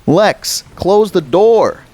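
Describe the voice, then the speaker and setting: A man's voice: mid-range voice, animated, moderate pace, background noise, voice pushed up, lightly acted. A man voicing a scared young boy giving orders to his sister in a storybook reading. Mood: urgent.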